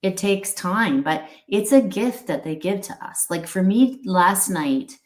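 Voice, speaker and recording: A woman's voice: mid-range voice, animated, unhurried. Earnest woman in an echoey room. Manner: earnest, rambling with restarts and acted-out quotes. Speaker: guest, pet wellness company founder. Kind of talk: candid interview talk.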